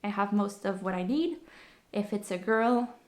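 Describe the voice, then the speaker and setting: A woman's voice: mid-range voice, normal speed, darkish tone. Breathless woman chatting on her podcast. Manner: rambling, with frequent fillers and restarts. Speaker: podcast host. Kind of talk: casual chat.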